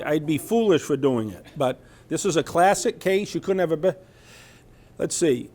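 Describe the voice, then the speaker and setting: Man with a somewhat high voice giving an informal community talk, reading bits of a news piece aloud and breaking off into loose, rambling asides. He keeps checking in with his listeners and often leaves sentences half-finished. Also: a little mellow. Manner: chatty, asks "right?" often, trails off mid-sentence. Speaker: presenter at a scam awareness talk.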